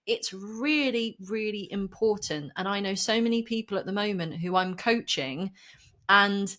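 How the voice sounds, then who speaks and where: A woman's voice: medium pitch, unhurried, fairly bright tone. A woman, a property and mindset coach, talks passionately as a podcast guest, laughing and getting worked up as she makes her point. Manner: impassioned, emphatic, laughs often. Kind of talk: animated podcast conversation.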